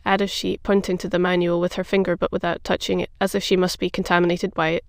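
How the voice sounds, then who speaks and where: Audiobook narrator, measured, flat delivery, dry close recording. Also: medium pitch, vocal fry, no echo.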